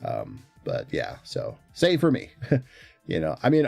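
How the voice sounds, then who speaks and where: A man's voice: very deep voice, huge pitch swings, unhurried, gravelly, a little mellow, no echo, soft background music. A man streaming in casual chat, rambling along with frequent fillers and restarts.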